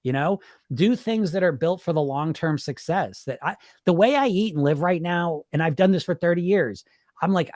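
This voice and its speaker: A middle-aged man hosting a weight-loss podcast, talking bluntly and with swearing in an animated, unscripted monologue, laughing often and repeating his words. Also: fairly high pitch, moderate pace, dry recording, clean studio sound.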